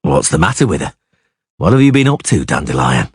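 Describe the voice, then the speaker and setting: A man doing a terse, gruff monster hunter. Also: very animated, a little fast, no echo, studio quality, heavily acted. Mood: dry. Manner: low, terse, dryly sarcastic. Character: gruff dry-witted male monster hunter.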